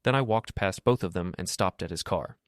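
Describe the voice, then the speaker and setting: Brief: male narrator, calm and measured, very low voice, dry close recording. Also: clean tone, no room sound. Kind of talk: first-person story narration.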